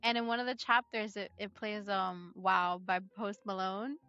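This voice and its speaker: A woman's voice: mid-range voice, normal speed, pushed and bright, clear, resonant tone, no room sound, soft background music. Giggly woman on slightly dull audio. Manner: giggly, casual slang. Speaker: book club podcast co-host. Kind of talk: casual chat.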